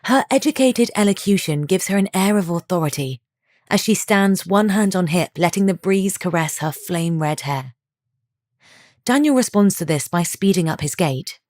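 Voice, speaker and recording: A woman reading a story aloud as the narrator, at a steady, descriptive pace. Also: lowish voice, normal speed, no room sound, clean studio sound.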